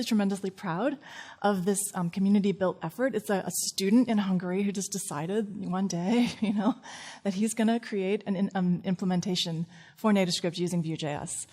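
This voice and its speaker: A woman's voice: mid-range voice, dark tone. A woman from St. Louis giving a chatty conference talk to a live audience, laughing often and tossing in self-deprecating asides. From St. Louis, USA. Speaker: conference speaker.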